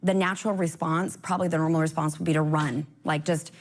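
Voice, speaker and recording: A woman sharing her faith story in casual conversation, earnest and encouraging, acting out quoted dialogue with sudden jumps up in pitch. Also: fairly even intonation, fast talker. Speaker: guest.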